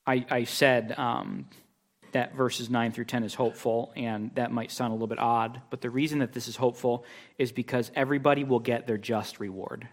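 A man's voice: mid-range voice, steady tone, normal speed. A man preaching an expository sermon, emphatic, with rhetorical questions and repeated phrases. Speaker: pastor. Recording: long reverb of a large hall.

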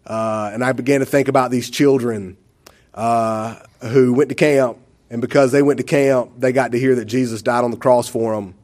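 A man tells a church testimony, his voice at a middle pitch. He rambles with many fillers, and his speech is emotional. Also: steady tone, normal speed, darkish tone. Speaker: church member giving a testimony.

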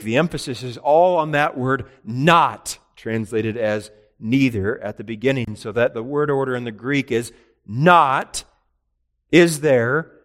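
Male preacher, mid pitch, expository sermon; swings between emphatic and hushed delivery. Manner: rises to emphatic peaks and drops to quiet; reads scripture in old-style wording, then explains.

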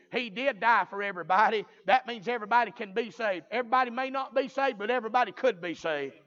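Man, revival preacher, very high voice, muffled lo-fi sound. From American South. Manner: builds from quiet storytelling to fervent preaching. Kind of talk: revival sermon storytelling. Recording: muffled lo-fi recording.

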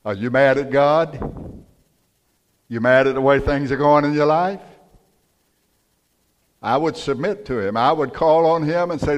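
A man's voice: on the high side, unhurried, long pauses. An older male pastor preaching a sermon in a folksy, storytelling manner. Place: church sanctuary. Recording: long church reverb.

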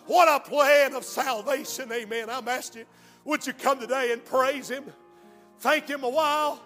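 Pastor, high ringing voice, hushed stories building to shouts, church reverb. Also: male voice, fairly even intonation, moderate pace, soft background music. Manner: swings from hushed storytelling to shouted fervent preaching. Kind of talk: sermon. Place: church sanctuary. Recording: long hall reverb of a church.

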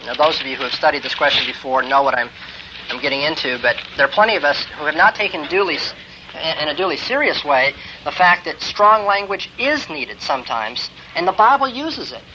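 A man giving a classroom lecture on Christian ethics, emphatic and building to forceful exclamations. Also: on the high side, expressive, a little fast. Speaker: theology lecturer. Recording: dull lo-fi lecture tape with faint hiss.

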